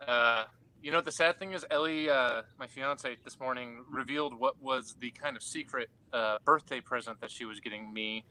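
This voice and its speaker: A man banters as co-host on a video call, joking and animated as he tells stories. His voice is bright and clear at a middle pitch. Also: moderate pace, low-quality recording. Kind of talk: casual banter.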